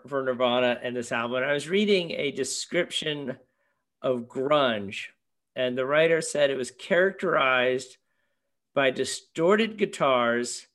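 A man hosting a relaxed discussion, musing aloud and leading the talk with questions. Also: medium pitch. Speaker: podcast host. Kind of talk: casual discussion.

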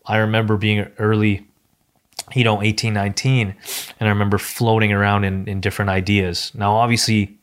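Low-voiced man talking through restarts. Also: flat delivery, brisk, clean tone. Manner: rambling, many restarts and fillers. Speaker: podcast host. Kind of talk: casual conversation.

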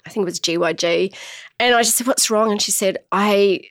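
A woman's voice: medium pitch, brisk, no room sound, studio quality. A middle-aged woman from Australia, a business founder, talking earnestly as a podcast guest and acting out what others said. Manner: earnest, animated storytelling, quotes herself and others. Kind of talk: casual interview chat.

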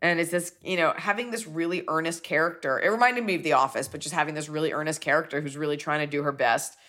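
A woman's voice: sits low, quick pace, pushed and bright. A woman comedian hosting, reading ads and chatting casually with a self-deprecating manner. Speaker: comedian host. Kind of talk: podcast ad read and casual chat.

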